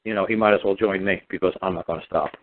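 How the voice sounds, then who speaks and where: A man's voice: low-pitched, fairly even intonation, very fast, heavy background noise. Intense man talking over a phone line. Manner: emphatic, intense, repeats himself for force. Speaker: radio show guest speaker. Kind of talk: impassioned talk radio storytelling.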